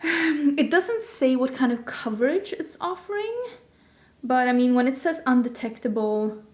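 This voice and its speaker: Chatty woman doing a casual beauty vlog, rambles a lot, kinda high voice. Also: expressive, unhurried, darkish tone. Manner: chatty and rambling, with self-deprecating asides. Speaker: beauty vlogger host. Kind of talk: casual chat.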